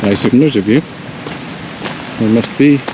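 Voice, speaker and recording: A man narrating a casual outdoor travel vlog, joking to himself while he explores a lake and drives a rough road. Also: mid-range voice, normal speed, background noise. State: out of breath at altitude. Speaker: travel vlogger. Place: outdoors by a mountain lake and in a vehicle.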